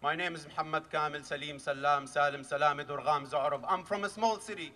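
A young man from Gaza giving an impassioned protest speech at an outdoor rally, swinging from quiet grief to fierce shouting. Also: fairly high pitch, a little fast, long reverb tail, background noise. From Gaza, Palestine. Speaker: rally speaker.

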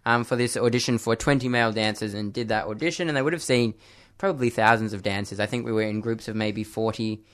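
A man's voice: fairly low pitch, quick pace, hardly any pauses. A young man, a dancer and actor, chatting casually in an interview, with many fillers and friendly laughs.

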